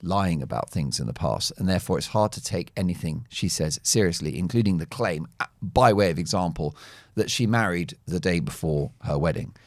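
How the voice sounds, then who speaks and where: Man, low pitch, dry sound, wry opinionated talk show guest. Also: lively intonation, fairly quick, hardly any pauses, no echo. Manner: wry, playful, self-mocking. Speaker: guest commentator.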